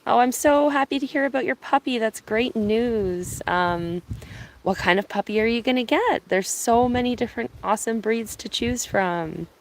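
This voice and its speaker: A woman from Ontario chatting casually on an outdoor live stream, speaking softly, answering viewers and laughing easily, filming on her phone. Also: fairly high pitch, normal speed, a little hiss or hum, rough recording. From Ontario, Canada. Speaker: live-streaming bird watcher. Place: outdoors at a cottage. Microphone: phone on binoculars, held by hand.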